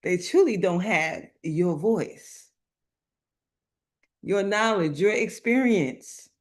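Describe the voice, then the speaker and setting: Slow, emphatic woman preaching to a live chat. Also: mid-range voice, lively intonation. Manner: slow, emphatic, repeats phrases, colloquial, calls out chat. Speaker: motivational speaker. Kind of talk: preaching to an online live audience.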